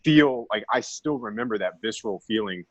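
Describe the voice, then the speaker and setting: Guest guy w a really deep voice, dry close sound, chill and chatty, lots of you know and like. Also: normal speed, no room sound, lo-fi sound. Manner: relaxed, filler-heavy storytelling. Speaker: guest speaker. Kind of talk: casual conversation.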